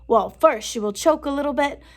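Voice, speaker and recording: A woman's voice: high voice, moderate pace, voice pushed up. A woman voicing a scheming, gleeful male helper in a storybook.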